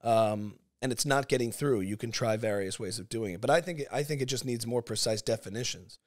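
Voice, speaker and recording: Male host, quick-talking and argumentative, pushes his case hard in debate. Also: mid-range voice. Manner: insistent, argumentative. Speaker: podcast host. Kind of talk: conversational debate.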